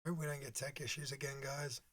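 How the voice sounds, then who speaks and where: A man live-streaming in casual chat with his viewers, his voice squeaky and hoarse from a sore throat. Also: level tone, brisk, fairly bright tone. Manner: chatty, talks to viewers while setting up.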